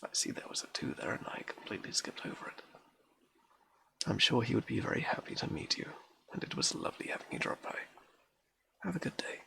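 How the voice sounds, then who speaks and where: A man reading poetry aloud on a live stream at home in a hushed, near-whispered way, chatting softly to his cat between poems. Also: on the low side, wildly swooping pitch, brisk, creaky, long pauses. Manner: soft, hushed, often near-whispered delivery.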